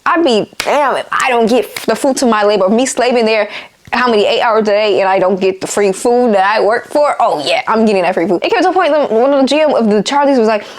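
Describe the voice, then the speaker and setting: Fast-talking young woman ranting. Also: a little high. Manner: animated, exasperated, slangy. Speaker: vlogger. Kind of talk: casual storytime rant.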